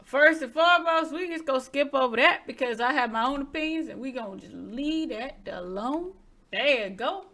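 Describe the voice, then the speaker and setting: High-voiced woman reacting bluntly. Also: animated, normal speed, pushed and bright. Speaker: reaction channel host. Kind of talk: casual reaction chat.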